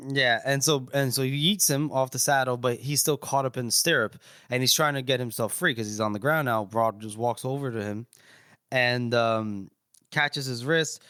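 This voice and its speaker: Recorded with clean studio sound and no echo, this man speaks at medium pitch and moderate pace in a bright, forceful, clear and resonant tone. As a podcast co-host recapping chapters, he retells the story casually and ramblingly, swearing crudely.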